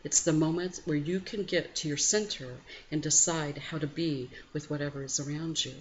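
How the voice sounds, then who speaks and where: A deep-voiced woman hosts a spiritual morning talk, leading listeners gently through breath and reflection with long pauses. Now and then her voice lifts in sudden energy. The recording is a little muffled, with a faint hiss behind her. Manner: slow, gentle, pausing, with sudden lively rises. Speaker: host of a spiritual morning program. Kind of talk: reflective guided meditation talk. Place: home at night. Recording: slightly muffled home recording with faint background noise.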